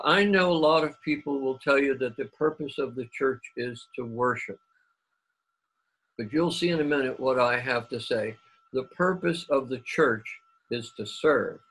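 A man preaching a sermon on a video call, reading scripture aloud and pausing often to search for his words. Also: mid-range voice, gravelly, a bit bright, husky, rough recording. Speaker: pastor. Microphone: computer mic on a video call.

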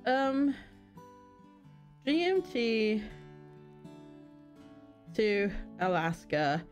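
Giggly, lively woman streamer. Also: fairly high pitch, extremely slow, soft background music. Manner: giggly, chatty, answers viewers. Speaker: game streamer. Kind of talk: casual live-stream chat.

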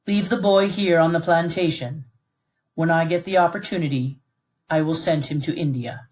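A woman reading aloud who voices a stern, composed middle-aged army colonel in a calm, formal, measured way. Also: sits low, natural voice. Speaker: read-aloud narrator voicing a character.

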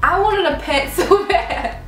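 Animated young woman telling a story. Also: very high voice, slow pace. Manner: animated, dramatic, mimics mom, laughs often. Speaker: vlogger. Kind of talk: casual storytelling vlog. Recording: echoey room, mic at a distance, faint music.

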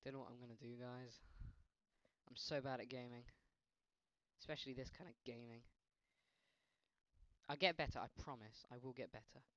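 A man's voice: medium pitch, normal speed, pauses often, no echo, muffled recording. A man with a faint Scottish accent doing jokey let's-play gaming commentary, yelping at the game. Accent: slight Scottish. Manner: excitable, yelps and laughs at the game, jokey asides.

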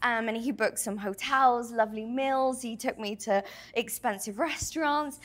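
A British woman with a high voice recounts her story as a talk show guest. She talks earnestly and fills her sentences with ums and likes. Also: normal speed, fairly bright tone. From Britain. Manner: earnest, filler-heavy storytelling.

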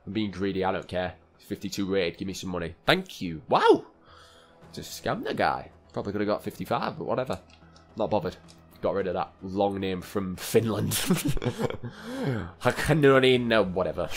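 A young man chatting and joking through football game commentary, often talking to the players on screen. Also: deep voice. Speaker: gaming YouTuber. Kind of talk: casual gameplay commentary.

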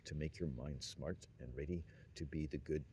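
A man's voice: rumbling low, fairly even intonation, moderate pace, warm tone, slight background noise. A man talking in a rambling, sardonic monologue, often laughing at his own jokes. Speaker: monologue speaker.

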